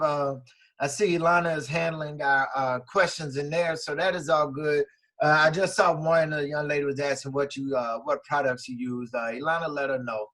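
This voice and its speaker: A man's voice: fairly high pitch, fairly bright tone. A man hosts a live video call with a somewhat raised voice. He thanks the speakers, takes questions and wraps things up in an affirming, upbeat way. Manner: friendly, affirming, laughs along. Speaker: host.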